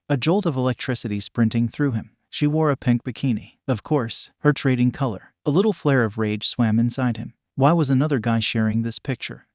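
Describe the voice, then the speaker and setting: Guy reading a fanfic story, steady, dry mic, mid voice. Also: medium pitch, no echo. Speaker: narrator. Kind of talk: scripted fan fiction narration.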